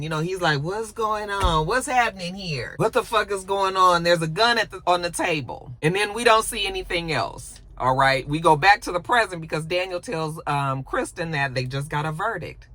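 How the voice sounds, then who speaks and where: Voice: mid-range voice, brisk, few pauses, bright, forceful tone. A show reviewer recapping an episode in a casual, colloquial vlog, acting out the characters' lines as they go. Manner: chatty, colloquial, acts out quoted lines.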